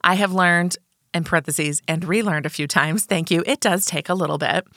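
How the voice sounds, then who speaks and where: A woman's voice: fairly low pitch, moderate pace, fairly bright tone, no room sound, studio quality. A woman co-hosting a comedy podcast, chatting casually and reading a listener's email aloud with asides. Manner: conversational, reads aloud with asides. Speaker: podcast co-host.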